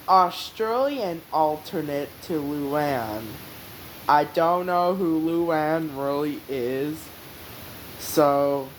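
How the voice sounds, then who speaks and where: Casual female vlog host, rambling delivery, lower voice, very slow. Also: slight background noise, rough recording. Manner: rambling, meandering. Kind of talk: casual explainer.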